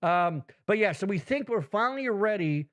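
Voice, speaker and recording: High-voiced profane podcast host man. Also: expressive, moderate pace, fairly bright tone. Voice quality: profane, rambling, full of fillers. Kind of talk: casual chat with live chat.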